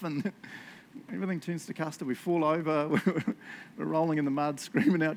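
A man's voice: fairly high pitch, fairly quick, slight background noise. A man preaching a casual sermon, chatty, with frequent laughs and tag questions. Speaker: pastor.

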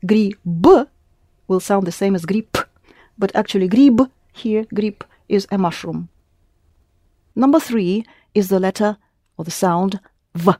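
A woman's voice: medium pitch, takes it slowly, long pauses, warm tone, no room sound. Female language teacher, patient and explanatory, medium voice, dry recording. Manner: patient, explanatory, prompting the student with questions. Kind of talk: one-on-one language lesson.

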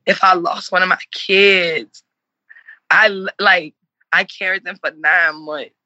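A woman's voice: on the low side, fairly even intonation, slow, pushed and bright, no echo, dull audio. A woman in her forties, speaking earnestly and with passion in an interview and repeating herself for emphasis. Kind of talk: heartfelt conversational interview.

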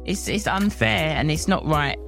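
A woman's voice: sits low, lively intonation, moderate pace, gravelly, music in the background. A woman with a London accent co-hosting a podcast, chatting casually and agreeing with sympathy. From England. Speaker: podcast co-host. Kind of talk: casual chat.

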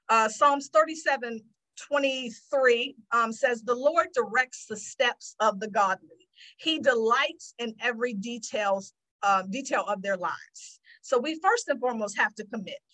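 A woman's voice: a little high, measured pace, pushed and bright, rough recording. A woman hosting a faith-based motivational podcast, talking earnestly like a preacher and acting out her prayers to God. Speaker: podcast host.

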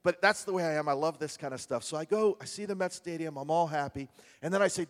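A man with a New York area accent preaching a sermon. He tells it as a chatty story and keeps turning to the congregation with asides. His slightly high voice carries a long hall reverb. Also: fast. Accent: New Jersey and New York. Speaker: pastor.

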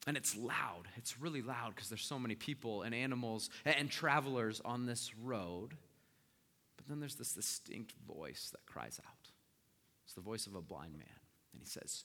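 A male pastor delivers a sermon in a bright, forceful voice, telling the story dramatically as he swings from loud passages to hushed ones. His words ring through a church sanctuary with a long, echoing reverb. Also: mid-range voice, expressive, moderate pace.

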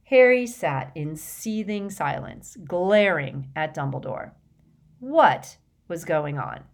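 Woman narrating an audiobook, lowish voice. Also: slow, gravelly. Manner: steady, expressive narration. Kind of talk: audiobook reading.

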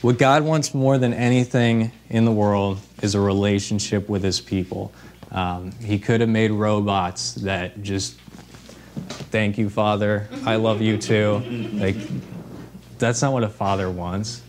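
A man's voice: fairly low pitch, steady tone, unhurried, a little mellow, slight background noise. A man preaching an informal sermon in a conversational way, with fillers and restarts.

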